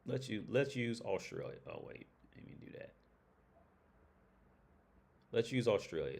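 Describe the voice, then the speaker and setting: A man hosting a livestream, talking bluntly and profanely in a rambling, casual way, often restarting sentences. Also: on the low side. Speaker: livestream host.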